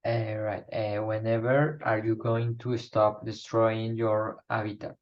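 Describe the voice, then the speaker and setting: Male student, lowish voice, hesitant, lo-fi online sound. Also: flat delivery, measured pace. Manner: hesitant reading and asking.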